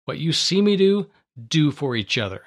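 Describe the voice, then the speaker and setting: Man voicing a tender sorrowful teacher, soft and unhurried, radio Bible reading. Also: on the high side, very animated, pitched above the performer's own voice. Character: calm, sorrowful male teacher, adult.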